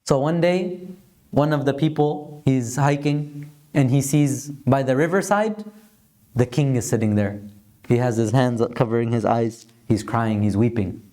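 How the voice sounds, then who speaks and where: A man's voice: mid-range voice, measured pace, dark tone. A man teaching a mosque lesson in earnest storytelling style, dropping in Arabic phrases. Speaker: religious teacher.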